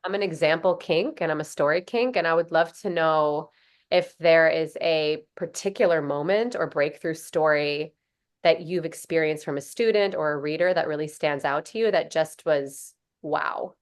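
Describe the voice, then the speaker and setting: A woman's voice: low-pitched, normal speed. A woman hosting a podcast interview, talking in an earnest, gushing way with lots of "like" and "um". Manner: earnest, gushing, many fillers like "like" and "um". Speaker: podcast host. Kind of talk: casual conversational interview.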